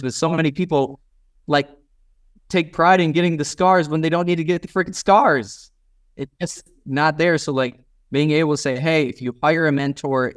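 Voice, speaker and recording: Male podcast host, blunt and casual, smooth clear voice, dry close sound. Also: medium pitch, no echo. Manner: blunt, swears casually, quotes people in little acted lines. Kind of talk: casual business interview.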